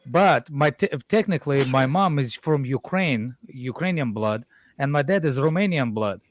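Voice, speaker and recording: A man's voice: medium pitch, normal speed, a little hiss or hum. A man who grew up in Moldova, chatting casually on a stream and telling stories with some stumbles. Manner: animated storytelling, some stumbles. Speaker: stream panelist. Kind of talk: casual chat.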